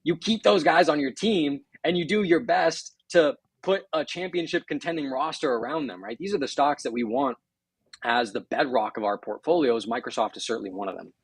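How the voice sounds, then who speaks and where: A man's voice: medium pitch, fairly quick, husky, dry recording. A man as an interview guest, explaining market data fluently and step by step. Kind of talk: casual interview commentary.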